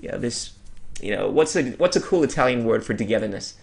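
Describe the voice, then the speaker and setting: A man hosting a podcast in casual chat, joking and animated at the sign-off. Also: mid-range voice, a little fast, creaky. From Australia. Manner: jokey, animated sign-offs. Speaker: podcast host.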